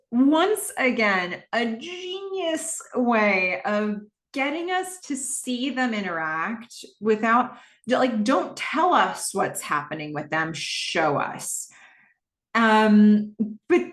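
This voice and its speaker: Podcast host, woman, casual recap with an expressive, swinging pitch and a roomy sound. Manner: animated, narrates scenes and reads out dialogue.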